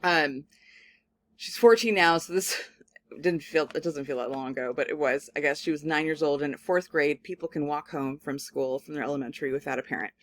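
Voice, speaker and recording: A woman professor giving a lecture, telling a personal story in a casual, animated way with many filler words. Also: deep voice, brisk. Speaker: communication studies professor. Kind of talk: recorded lecture with personal anecdote.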